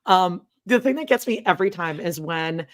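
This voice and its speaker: A woman co-hosting a podcast in casual chat, telling stories with animated retellings. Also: lowish voice, normal speed. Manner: animated storytelling, imitates people she quotes. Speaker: podcast co-host.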